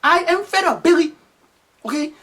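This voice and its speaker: A man doing a high, fretful mother's voice. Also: lively intonation, fairly bright tone. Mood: pleading. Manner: hesitant, pleading, building up slowly. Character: anxious non-African mother warning her son.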